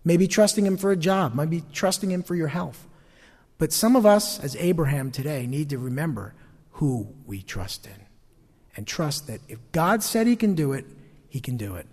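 A male pastor preaching a sermon in a lively, animated way, acting out the voices he quotes. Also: fairly high pitch, normal speed. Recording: long hall reverb.

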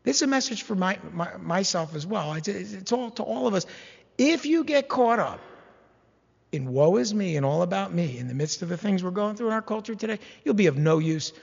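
A man preaching a sermon, animated and humorous, slipping into mock-whining voices as he acts out complaints. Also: sits high, a little fast, creaky, in a large hall, muffled recording. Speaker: pastor.

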